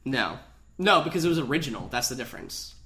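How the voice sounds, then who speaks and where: A man co-hosting a casual movie review podcast, animated and mocking, acting out scenes in quick quoted voices. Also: mid-range voice. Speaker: podcast co-host.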